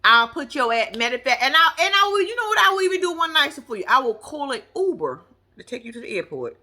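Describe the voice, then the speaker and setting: A woman giving casual, profane reaction commentary on a reality show, brash and animated. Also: fast. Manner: animated, brash, profane, mimics people in high voices.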